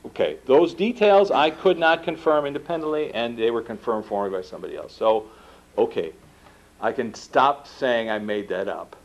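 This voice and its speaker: A man giving a talk to an audience, telling his story animatedly and acting out quoted dialogue. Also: normal speed. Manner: acts out quoted dialogue with lively pitch jumps. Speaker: speaker giving a book talk. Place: lecture room. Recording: dull lo-fi recording.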